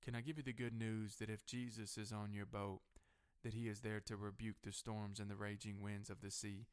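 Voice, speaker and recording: This pastor's smooth, level-toned voice climbs higher and louder as he builds repeated refrains in his sermon, then eases into a quieter, slower pace for personal testimony.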